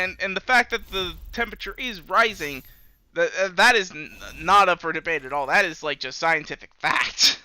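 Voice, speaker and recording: High, bright-voiced man ranting casually. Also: clean tone, dry recording. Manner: rambling, profane, chuckling. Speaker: live-streaming gamer. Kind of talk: casual live-stream chat.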